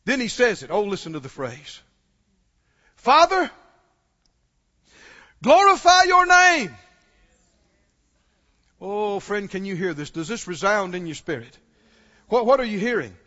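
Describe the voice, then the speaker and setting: A man's voice: high-pitched, big pitch swings, normal speed, long pauses, fairly bright tone. A man preaching a sermon with passion, asking his listeners questions and rising to exclamations. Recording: dull lo-fi sound with long hall reverb.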